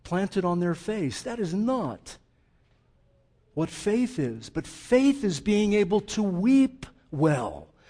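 A man's voice: high-pitched, big pitch swings, slow pace. Impassioned middle-aged male pastor preaching. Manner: impassioned, swings from loud urging to hushed intensity. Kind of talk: sermon.

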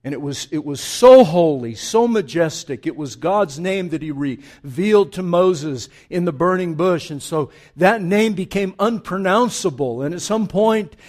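A man preaching a sermon, moving between hushed, reflective asides and loud, emphatic build-ups, repeating phrases for emphasis. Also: high-pitched, lively intonation, measured pace, few pauses.

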